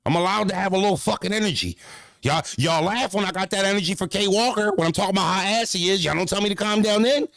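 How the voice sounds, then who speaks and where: Animated streamer man, dry close mic. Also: high-pitched, fast talker, creaky, dry recording. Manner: animated, profane street slang, talks back to chat. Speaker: streamer reacting to chat. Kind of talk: casual livestream talk.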